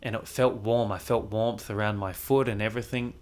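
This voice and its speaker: A young adult man speaks in a somewhat low register. He tells his story to a host in a loose, animated way, leaning on "like" and the odd swear word. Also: a little fast. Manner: animated, frequent "like" fillers, swears casually. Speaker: podcast guest. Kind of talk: casual storytelling in conversation.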